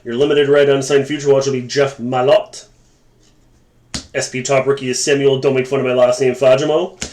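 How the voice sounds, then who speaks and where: A man's voice: mid-range voice, little pitch movement, a little fast, a little mellow. A man hosting a live sports card break, calling out cards and joking with viewers in the chat. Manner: chatty, joking asides to viewers. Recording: echoey room with faint noise.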